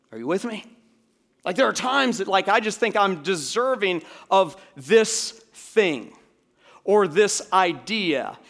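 A middle-aged pastor from Georgia preaches in a loose, chatty way, full of fillers and questions to his congregation. His voice sits a little higher than most men's. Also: a bit bright. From Georgia, USA. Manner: conversational, with many fillers and audience asides. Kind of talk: sermon.

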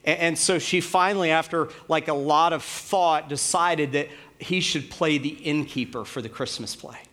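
A middle-aged man, the pastor, preaching a sermon in a relaxed, conversational way, telling a story with plenty of fillers. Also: on the high side, normal speed. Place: church.

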